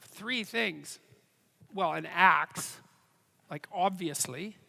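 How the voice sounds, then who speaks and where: A man answering audience questions on stage, thinking aloud in halting phrases with a dry sense of humor. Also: high-pitched, gravelly, bright, forceful tone, long reverb tail. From Canada. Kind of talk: live on-stage Q&A. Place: large theatre stage.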